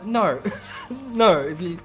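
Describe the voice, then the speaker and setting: A man's voice: sits high, animated, slow, a bit bright, soft background music. Playful man joking through a game. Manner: joking, self-mocking asides. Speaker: let's play host. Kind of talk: casual game commentary. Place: home streaming setup.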